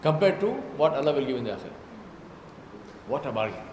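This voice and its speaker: A man's voice: mid-range voice, lively intonation, fast, a little mellow. A man giving a religious talk to an audience, telling stories and often asking rhetorical questions. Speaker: Islamic speaker. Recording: echoey hall with faint background noise.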